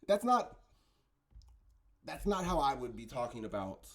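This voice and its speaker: A man's voice: medium pitch, expressive, normal speed. A man talking in a casual, rambling monologue, insistent and often stumbling over his words. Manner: insistent, keeps asking "right?" and "okay?". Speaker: conspiracy commentator.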